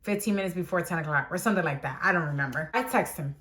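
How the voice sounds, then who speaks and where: A woman's voice: fairly low pitch, very fast, a bit bright. Young woman, story-time vlogger; chatty, exasperated, acts out quoted dialogue. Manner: exasperated, with frequent "like" fillers.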